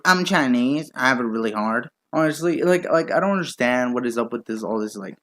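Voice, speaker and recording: Man, reaction rant, sarcastic, profane, incredulous, mid pitch. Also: lively intonation, a little fast, hardly any pauses, a bit bright. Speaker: YouTube commentator.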